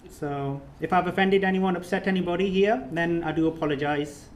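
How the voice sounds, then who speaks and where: A man's voice: sits high, brisk, reverberant, slight background noise. A man leading a course, giving an emotional thank-you speech, earnest and repetitive, his phrases rising to emphatic peaks. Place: reception room of an official residence.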